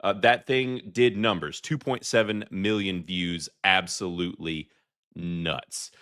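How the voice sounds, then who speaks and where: A man's voice: low-pitched, steady tone, slow pace, fairly bright tone, no echo, studio quality. A man with a Southern accent hosting a live podcast, chatting loosely through clips with lots of fillers and restarts. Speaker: podcast host. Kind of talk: live commentary reacting to clips for chat.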